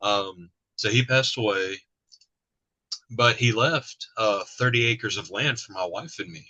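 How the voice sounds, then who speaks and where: A man from Alabama, chatting in a relaxed, plain-spoken way as the interviewer. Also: on the low side, a little slow, lo-fi sound. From Birmingham, Alabama. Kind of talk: casual chat.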